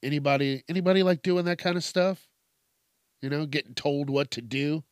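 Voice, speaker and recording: A man's voice: on the high side, brisk, clear, resonant tone, no room sound, studio quality. A man hosting a comedy podcast, talking crudely and playfully, often laughing at his own jokes. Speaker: podcast host. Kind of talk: crude stand-up style monologue.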